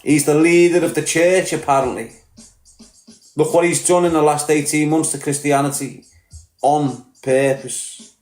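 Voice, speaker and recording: A man's voice: fairly high pitch, steady tone, unhurried, darkish tone, reverberant, faint music behind. A man with a Liverpool accent ranting bluntly on a podcast, combative and full of swearing. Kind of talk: heated podcast rant.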